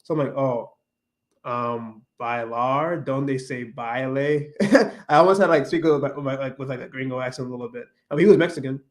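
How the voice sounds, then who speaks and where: A livestream host chats casually with his viewers in a fast, mid-range voice. He rambles, restarting often and leaning on fillers while switching between English and Spanish.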